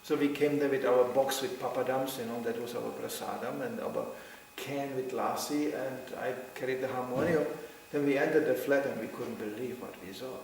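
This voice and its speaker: A middle-aged man with a mid-range voice talks at normal speed with few pauses, telling a devotional gathering anecdotes while laughing often and acting out what people said. His style is lively and story-based. A little hiss or hum, strong echo, and a far mic are audible.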